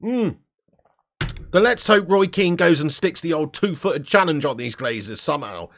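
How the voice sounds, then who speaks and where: A man's voice: on the high side, animated, moderate pace, fairly bright tone. A man hosting a casual live-stream fan show, blunt and sweary, laughing between rants.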